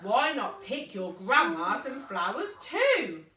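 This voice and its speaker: A woman's voice: a little high, very animated, slow, sharp tone, exaggerated voice. A woman voicing a sly male big bad wolf who puts on a sugary voice and lets it slip into a growl. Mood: fake-sweet. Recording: echoey room, mic far off.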